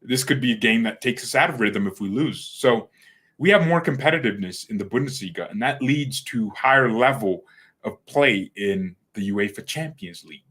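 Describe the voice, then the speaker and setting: His voice is medium-pitched, husky and fairly bright, expressive at a moderate pace. As a football fan channel host, he gives a casual, blunt and opinionated rant with a trash-talking edge, stammering over repeated words when he gets worked up.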